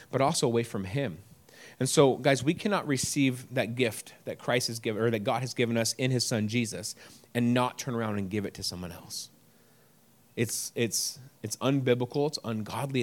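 Guy preaching at church, chatty sermon, gets animated telling a story, lots of restarts. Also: medium pitch. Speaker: pastor. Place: church service.

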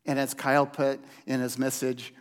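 A man preaching a sermon in a slow, deliberate way, with dramatic pauses and hushed emphasis. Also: mid-range voice, monotone. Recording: long hall reverb.

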